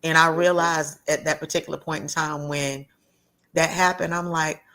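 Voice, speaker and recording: Guest, female, low register, earnest and halting, heartfelt storytelling. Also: steady tone, bright, forceful tone. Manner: earnest, halting, with many restarts and repeated words; acts out quoted voices of others in her story.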